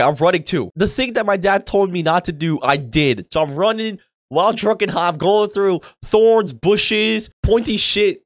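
A young man casually telling a party story to camera, animated and swearing freely, acting out what others said. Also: sits high, dry recording. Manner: animated, acts out quoted voices, swears freely. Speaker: storytime YouTuber.

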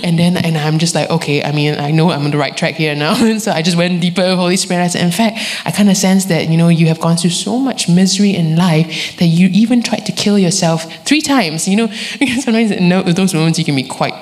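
A woman, preaching a sermon and telling a story with lively quoted voices. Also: lowish voice, fast, few pauses. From Singapore. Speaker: guest preacher.

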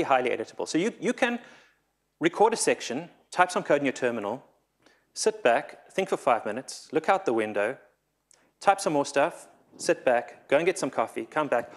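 Guy giving a conference talk, nervous, keeps repeating words, normal pitch. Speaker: conference speaker. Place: conference hall.

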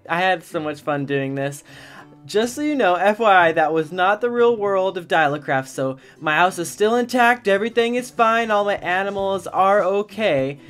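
A gaming channel host giving casual let's-play commentary, theatrical and expressive, talking straight to the viewers. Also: mid-range voice, clear, resonant tone.

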